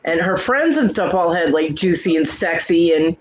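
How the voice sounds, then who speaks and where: A woman's voice: on the low side, expressive, moderate pace, a little hiss or hum, rough recording. A woman host in casual chat, bluntly telling salty family stories with a laugh.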